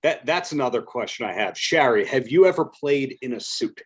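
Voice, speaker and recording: A man's voice: medium pitch, expressive, fairly quick, husky, low-quality recording. Man hosting an interview by video call. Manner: friendly, asks follow-up questions. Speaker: podcast host.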